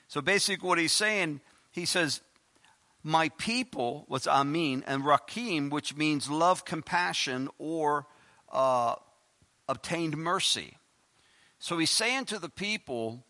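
A man preaching a sermon as pastor, emphatic and pleading, repeating lines and breaking into loud bursts, with plain-spoken asides. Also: fairly high pitch, animated, unhurried.

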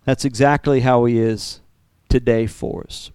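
A man preaching a sermon as pastor, animated, with sudden jumps in pitch and repeated words. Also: unhurried, clear, resonant tone, no echo.

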